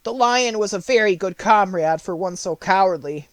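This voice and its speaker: A man's voice: sits high, dry recording, voice pushed up. A man voicing a kindly, eager male scarecrow stuffed with straw in an audiobook. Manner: eager, quick. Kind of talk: audiobook character voice.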